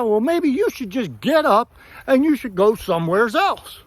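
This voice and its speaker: Older New man, higher-pitched voice, blunt and profane vlog rant. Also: lively intonation, moderate pace. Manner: blunt, profane, retells with quoted dialogue. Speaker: vlogger. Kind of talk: angry rant to camera.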